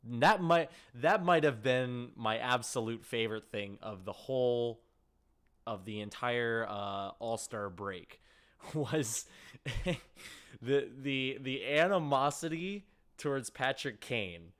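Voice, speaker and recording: Guy with a northern us accent doing a solo podcast rant, smooth clear voice, chatty and rambly. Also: mid-range voice. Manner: chatty, rambling, quick asides. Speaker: podcast host.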